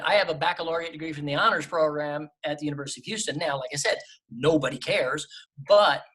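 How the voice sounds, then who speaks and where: Emphatic middle-aged man on a travel mic. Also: fairly high pitch. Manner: emphatic, lively advice-giving. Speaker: voice actor guest. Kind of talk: casual interview talk. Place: temporary remote setup away from home. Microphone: travel microphone.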